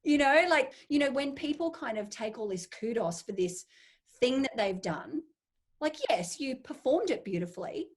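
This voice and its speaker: A woman's voice: on the high side, moderate pace, husky. A woman, a make-up artist from Australia, chatting as an interview guest and acting out inner voices as she tells stories. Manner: animated storyteller, acts out inner voices. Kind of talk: casual interview chat.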